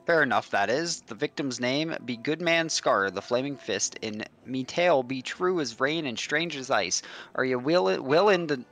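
A man's voice: mid-range voice, expressive, normal speed, fairly bright tone. Man reading as a dwarf tavern storyteller. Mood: storytelling. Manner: old-fashioned storytelling phrasing, stumbles over words.

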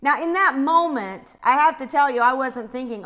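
A woman telling a personal faith story in an animated way, acting out the screams she describes. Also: high-pitched, moderate pace.

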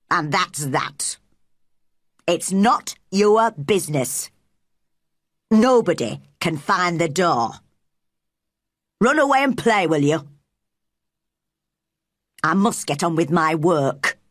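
Brief: gruff, lonely old moorland gardener, put on by a woman reader, low and blunt, slow, husky, dry sound. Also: expressive, no echo. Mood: curt. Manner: blunt, plain-spoken.

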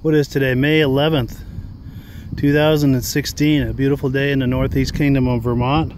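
A man's voice: mid-range voice, flat delivery, brisk, darkish tone, a little hiss or hum. Rambling man chatting outdoors. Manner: rambling, chuckling, filler-laden. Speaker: vlogger. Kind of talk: casual rambling monologue. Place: outdoors on a park bench by a tennis court.

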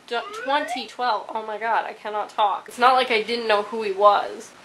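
High-voiced woman vlogging, stumbling on words. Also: steady tone, moderate pace, a bit bright, a little hiss or hum, rough recording. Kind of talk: casual vlog talk.

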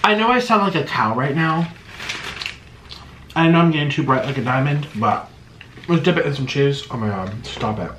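A man's voice: on the high side, moderate pace, pauses often, slight background noise. A man hosting a casual eating vlog, gushing and exclaiming over each bite. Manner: excitable, gushing, full of exclamations. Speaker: mukbang host. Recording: roomy echo.

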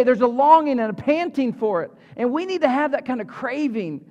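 High-voiced pastor preaching in a church hall. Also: male voice, a little fast, few pauses. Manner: animated, conversational preaching with humor and audience asides. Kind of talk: sermon. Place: church sanctuary. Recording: reverberant hall, slightly dull sound.

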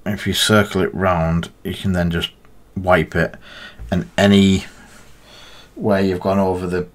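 A man's voice: low-pitched, little pitch movement, measured pace. A man chatting casually on a live stream while painting miniatures, thinking aloud in a rambling, half-mumbled way.

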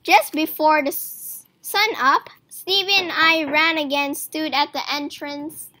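Woman reading a kids book out loud, slow and expressive, high bright voice. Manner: expressive storytelling with character voices. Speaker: reader. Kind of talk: children's book read aloud.

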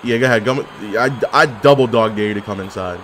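A man giving casual, excitable commentary while playing a video game, trash-talking and laughing often. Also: lowish voice, fairly quick, a little hiss or hum. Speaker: gaming commentator.

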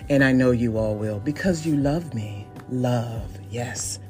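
Faint music plays behind a woman in her forties from Northeast Ohio as she hosts her solo podcast in a bass voice with a darkish tone. She takes it slowly, keeping the casual monologue chatty and self-deprecating and laughing often.

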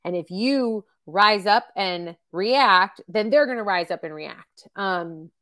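A woman in her thirties or forties presents a parenting webcast slowly, in an animated, fairly bright voice of medium pitch. She keeps the teaching casual and chatty, full of fillers and example quotes she acts out.

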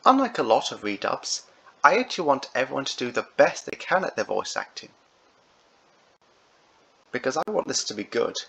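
A man's voice: medium pitch, very animated, normal speed, gravelly, pauses often, a bit bright, husky, low-quality recording. A man casually announcing the casting for a fan redub, rambling and repeating himself.

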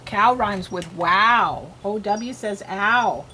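A woman reading teacher gives a slow phonics lesson to young children, patiently sounding out letters and repeating each word. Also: medium pitch, expressive, sharp tone, a little hiss or hum.

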